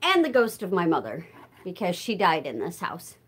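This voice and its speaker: This older vlogger has a fairly low, slightly rough voice whose pitch swoops wildly, at a moderate pace. She chats casually on a live stream while doing chores and moving between rooms, out of breath from walking. She responds to viewer comments she reads aloud and is affectionate with her cats.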